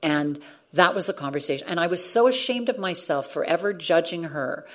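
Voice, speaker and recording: A woman's voice: lowish voice, animated, a little fast. A middle-aged woman, a radio journalist, telling a story earnestly in conversation, with frequent restarts. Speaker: radio journalist and former show host.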